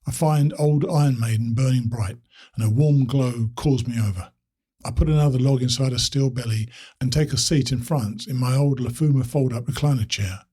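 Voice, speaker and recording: A man reads a first-person story aloud, steady and reflective in his telling. His voice has a husky, breathy grain at a middle pitch for a man. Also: normal speed. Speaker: narrator.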